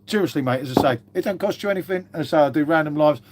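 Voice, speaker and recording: A man's voice: fairly high pitch, rapid-fire, noisy background. A British man hosting a casual live stream, chatting and swearing freely, calling everyone "mate" as he reads out viewer comments. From Britain. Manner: chatty and matey, swears a lot, says "mate" constantly.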